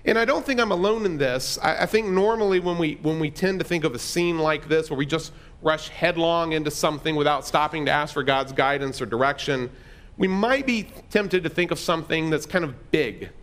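A man's voice: a little high, a little fast, fairly bright tone. A middle-aged man pastor telling a personal story in a conversational, self-deprecating sermon.

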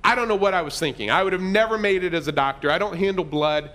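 A man's voice: high-pitched, fast talker, sharp tone. A middle-aged man pastor telling a personal story in a conversational, self-deprecating sermon.

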